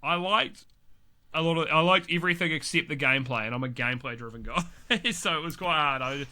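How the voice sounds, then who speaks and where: A man's voice: on the high side, a little fast, sharp tone. A man chatting casually as a podcast co-host, swearing freely, laughing often and restarting his sentences. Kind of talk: casual chat.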